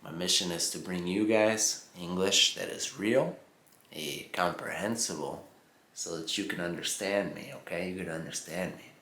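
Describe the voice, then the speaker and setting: An American man teaching English slowly and clearly, repeating phrases and checking in with "okay?" often. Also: low-pitched, bright, forceful tone. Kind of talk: slow, simplified teaching monologue. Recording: roomy echoing room.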